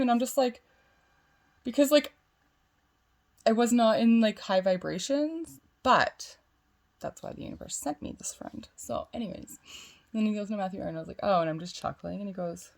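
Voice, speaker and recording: In a medium-pitched, darkish voice at a moderate pace, a young spiritual vlogger animatedly shares a long personal story. Her casual storytelling is chatty, full of swearing and dialogue she acts out.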